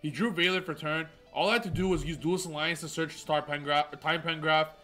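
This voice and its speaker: A man with a fairly high voice narrates card game replays as a channel host. He talks with boastful, hyped energy and mixes trash talk with self-mocking jokes. A quiet music bed plays underneath. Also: fairly even intonation, brisk.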